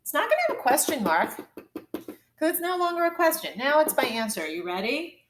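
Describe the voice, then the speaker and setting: A young adult woman teaching a phonics lesson to young children from home, in a slow, sing-song teacher voice that exaggerates the rhythm of sentences. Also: high-pitched, very animated, noisy background.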